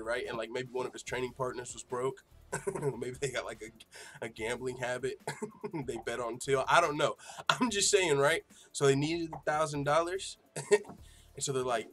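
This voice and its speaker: A male host chatting loosely on a livestream, reading out viewer comments and reacting to them. He talks in an animated way, swears freely and breaks into laughter often, with a mid-pitched voice. Quiet music sits faintly behind him. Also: a little slow. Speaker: MMA show host.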